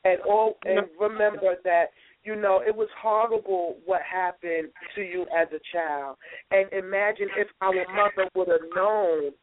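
A woman's voice: medium pitch, fairly even intonation, measured pace. A woman calling in by phone to a radio chat, talking in a preachy way and repeating phrases for emphasis. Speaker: caller, guest's sister. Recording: phone line with hiss.

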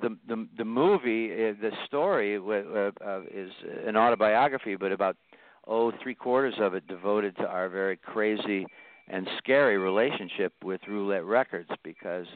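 A man's voice: fairly low pitch, moderate pace. An older man telling stories as a musician guest on a casual radio interview, chuckling often and restarting his sentences. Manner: storytelling, chuckling, many restarts. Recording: tinny phone line.

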